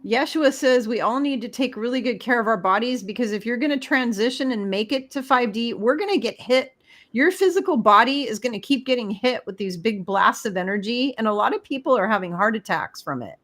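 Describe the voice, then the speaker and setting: Woman, middle-aged, fairly high voice, emphatic, preachy spiritual advice. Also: animated, fairly quick, a bit bright. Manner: emphatic, preachy, talks to the listener directly. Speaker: spiritual guest. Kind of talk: casual spiritual advice talk.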